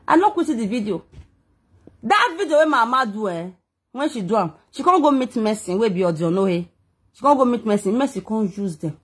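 Nigerian lady ranting on her vlog, husky voice, a bit high, defensive and all over the place. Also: animated, quick pace. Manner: heated, defensive, rambling. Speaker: vlogger. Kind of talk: emotional personal rant to viewers.

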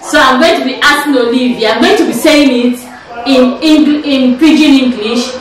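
A woman's voice: high-pitched, normal speed. A woman with a Nigerian accent hosting a casual family vlog at home, chatty and playful as she quizzes someone, often laughing. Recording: very echoey room, voice far from mic.

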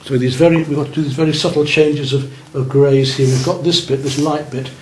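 A man's voice: a little high, fairly even intonation, brisk, a little mellow. Man coaching a painting class. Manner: coaching and encouraging, checking on students' work. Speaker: art teacher. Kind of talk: live painting lesson for beginners. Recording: roomy room with faint noise.

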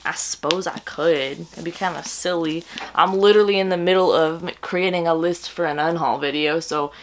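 A woman in her twenties chatting in a casual book vlog at home, gushing and excitable, breaking into gasps and breathy whispers. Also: on the low side, normal speed, a little hiss or hum. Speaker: book vlogger.

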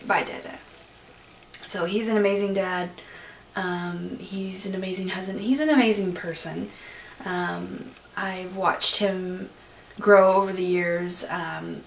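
A woman telling a personal story to her vlog viewers in a casual, chatty way with many pauses. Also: fairly low pitch, creaky, roomy sound, a little hiss or hum. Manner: chatty, frequent "um" pauses, laughs through the story. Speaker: vlogger.

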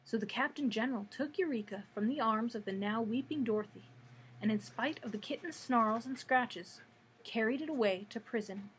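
A librarian, a woman, reading a children's book aloud with steady, expressive storytelling. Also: fairly high pitch, normal speed, a little hiss or hum.

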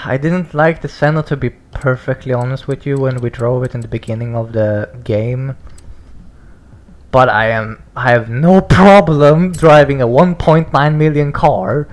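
A young man, giving excitable let's play commentary, exclaiming, swearing and rambling. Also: mid-range voice, a little slow. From Sweden. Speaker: gaming YouTuber. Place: home gaming setup, no face cam. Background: racing game music and engine sounds.

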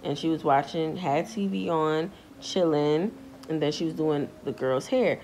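A woman's voice: measured pace, slight background noise, poor audio. A young woman casually telling a storytime tale in slangy speech, acting out the people she quotes. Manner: animated, acts out quoted voices in a high pitch; slangy, repeats filler phrases.

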